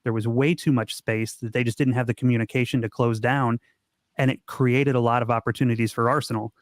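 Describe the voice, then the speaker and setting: A man's voice: medium pitch, steady tone, a little fast, no echo, studio quality. A man co-hosting a casual podcast chat, speaking fluently and steadily. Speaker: podcast host.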